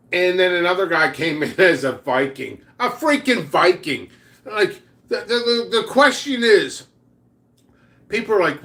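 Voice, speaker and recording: A middle-aged man with a slightly high voice tells old workplace prank stories in a loose, rambling way. He stammers through restarts, swears casually and chuckles at his own jokes. It sounds like a relaxed, chatty vlog. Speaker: pepper seed channel host.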